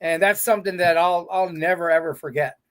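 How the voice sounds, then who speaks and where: A middle-aged man with a notably high speaking voice tells stories from his career as an interview guest. He acts out each quote in the other person's voice, peppering it with "I'm like" and "he goes.". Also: a little fast. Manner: animated storyteller, quotes people in their own voices. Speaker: guest, veteran indie pro wrestler. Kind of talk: casual storytelling interview.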